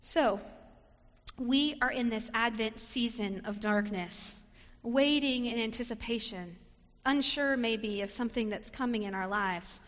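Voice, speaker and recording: A woman preacher giving a reflective sermon, sometimes acting out short quoted lines. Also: fairly high pitch. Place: church sanctuary. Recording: long reverb of a sanctuary.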